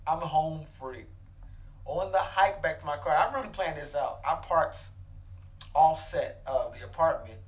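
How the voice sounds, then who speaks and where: A young man in his twenties, a podcast co-host, telling an animated comedic story and acting out the dialogue. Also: fairly high pitch, measured pace. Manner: animated, laughing, acts out dialogue.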